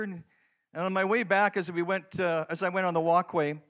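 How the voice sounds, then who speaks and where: A middle-aged man, preaching a sermon as a pastor and telling a personal story, swinging between loud emphatic lines and hushed, prayerful ones. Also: sits high, steady tone, brisk.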